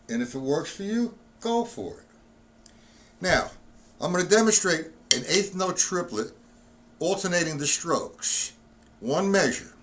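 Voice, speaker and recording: A man's voice: fairly high pitch, a bit bright, a little hiss or hum. A man giving a live-streamed drum lesson who is not feeling well, coughing now and then and counting the beats aloud as he demonstrates. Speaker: drum teacher.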